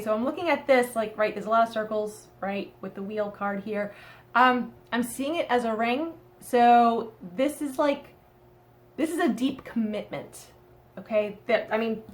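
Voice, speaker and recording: Boston lady doing a rambly tarot reading, kinda high voice, keeps saying okay. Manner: chatty, rambling, often asks okay. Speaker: tarot reader. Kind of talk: casual tarot reading to camera.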